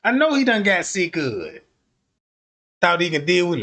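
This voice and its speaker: A man streaming a comedic rant, telling profane, animated stories and acting out the scenes. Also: sits high, moderate pace. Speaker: streamer commentator.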